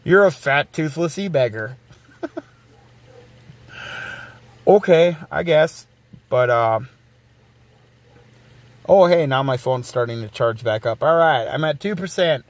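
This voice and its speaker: A man's voice: a little high, lively intonation, slow pace, pauses often, no room sound. A man hosting a casual livestream, rambling and swearing freely as he reads and answers chat messages aloud. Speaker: livestream host.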